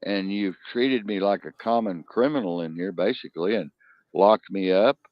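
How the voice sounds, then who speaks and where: A man telling long rambling stories and jokes in casual chat, jumping into high voices when he quotes people. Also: moderate pace, dry recording. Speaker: co-host. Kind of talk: casual storytelling and joke telling. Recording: dull lo-fi sound.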